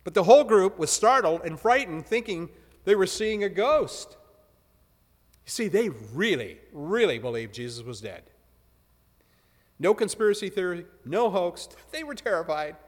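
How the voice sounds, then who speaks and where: A man preaching a sermon in a relaxed, conversational way, with joking asides. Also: high-pitched, unhurried, long pauses. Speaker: pastor. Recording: long hall reverb.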